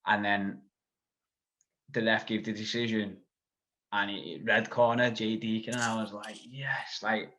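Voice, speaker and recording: A man's voice: lowish voice, little pitch movement, normal speed, long pauses, pushed and bright, slight background noise. A man, a podcast guest telling a long story in casual chat, full of "like" and asides. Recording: dull lo-fi sound.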